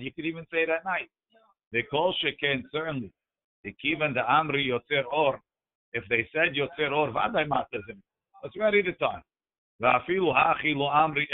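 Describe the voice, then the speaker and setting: A man teaching a Talmud class, reading the Aramaic text aloud and explaining it line by line in English. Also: mid-range voice. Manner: talks through the text with frequent "right?" checks. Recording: tinny phone-like recording.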